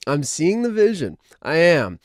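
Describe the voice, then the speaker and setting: A man's voice: on the high side, huge pitch swings, unhurried, dry recording, clean studio sound. A young man hosting a casual sports podcast, joking around and laughing often between football takes. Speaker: podcast host.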